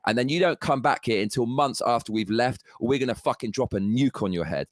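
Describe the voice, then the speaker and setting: A man's voice: medium pitch, a little fast, no echo, studio quality. A man delivering an angry, profane political rant, heated and sarcastic throughout. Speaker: political commentator.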